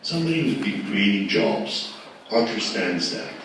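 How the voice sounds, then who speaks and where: A man moderates a live panel, hammering his points with repetition and rhetorical questions. His voice sits on the low side. He is picked up from a distance in a very echoey hall with steady background noise. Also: normal speed. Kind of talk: emphatic panel remarks at a live event. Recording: echoey hall from far off, noisy.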